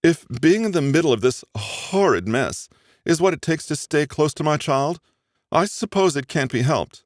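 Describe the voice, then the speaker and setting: Audiobook role: man reading a cool, clipped mother of thirty with an accent, voice lifted high and lively. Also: moderate pace, no echo, studio quality, close to an everyday voice. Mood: cool, prim. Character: woman around thirty, devoted mother, cool and proper, with an accent.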